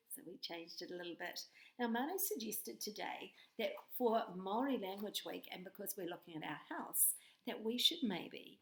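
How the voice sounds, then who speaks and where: A woman teacher, leading a patient, clearly spoken lesson for young children with sing-song bursts. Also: mid-range voice, expressive, normal speed. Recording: echoey room.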